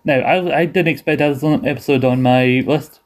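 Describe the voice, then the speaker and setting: A man's voice: mid-range voice, a little fast, darkish tone. A man hosting a casual chat, rambling through his favourite TV episodes, laughing often and trailing off mid-sentence. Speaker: podcast host.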